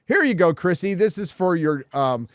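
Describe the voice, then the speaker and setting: A man's voice: sits high, big pitch swings, normal speed, dry recording, clean studio sound. A man hosting a casual live panel show, reading out viewer donations in a crude, profane, trolling way.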